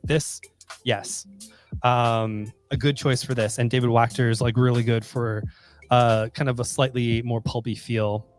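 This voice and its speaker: A man co-hosting a casual podcast about comics, rambling with lots of fillers and frequent laughter. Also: medium pitch. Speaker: podcast co-host.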